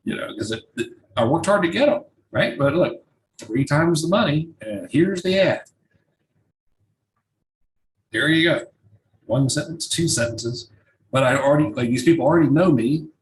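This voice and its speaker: A man talking through a screen-share lesson in a loose, offhand way, swearing now and then and thinking aloud. His voice sits at a middling pitch, with a faint hiss of noise behind it. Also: normal speed, low-quality recording. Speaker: marketing instructor. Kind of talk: casual screen-share tutorial.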